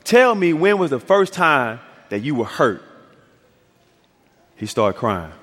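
High-voiced preacher man in a reverberant hall. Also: sing-song, takes it slowly, fairly bright tone. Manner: storytelling preacher, acts out dialogue, builds to emphatic climaxes. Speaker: pastor. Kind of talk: sermon. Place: church sanctuary.

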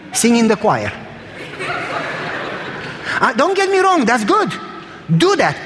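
A man's voice: very high voice, fairly bright tone, big-room sound, slight background noise. A man preaching a sermon in a church, telling stories in an emphatic, conversational way.

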